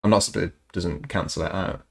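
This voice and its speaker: Deep, gravelly, dry-witted male streamer. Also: normal speed. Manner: dry, sarcastic banter. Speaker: streamer co-host. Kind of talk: casual chat.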